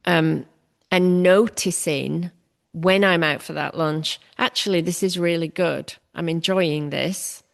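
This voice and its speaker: Woman, artist guest, gravelly low voice, reflective, candid, self-deprecating. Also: steady tone, slow pace. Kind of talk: candid conversational interview.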